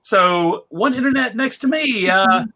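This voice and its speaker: A man moderating a casual panel over a video call, playful and quick to laugh. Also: very high voice, pushed and bright.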